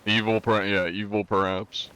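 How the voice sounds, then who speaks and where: A man with a very deep, low voice talks casually to his live-stream chat. He rambles through wry, joking answers and banters with his viewers. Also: flat delivery, normal speed, bright, forceful tone, clean tone. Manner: says he is often compared to a deep-voiced narrator.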